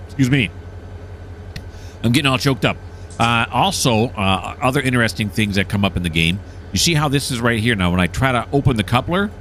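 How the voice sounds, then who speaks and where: A man's voice: fairly low pitch, fairly bright tone, a little hiss or hum. A man giving casual, enthusiastic commentary while playing a train simulator, explaining each step as he goes. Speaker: gameplay streamer.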